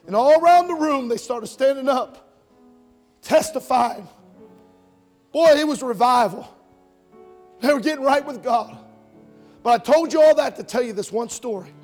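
A man preaching a revival sermon, telling stories that swell to shouts and drop to a hush, ending in an altar call. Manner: storytelling, voice swells to shouts then drops low.

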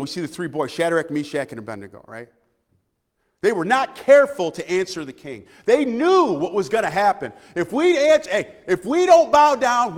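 A high-pitched man preaches a sermon, his voice rising and falling in wide, lively swings. He moves between loud declarations and hushed, quiet lines. The sound carries a long reverb, as in a large church hall. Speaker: pastor.

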